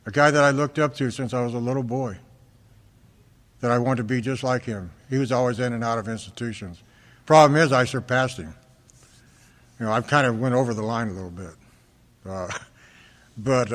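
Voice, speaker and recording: An American man from Fresno, California, giving an earnest personal testimony at a recovery meeting, halting often and repeating words as he restarts. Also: medium pitch, a bit bright. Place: large hall at a convention. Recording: reverberant hall recording.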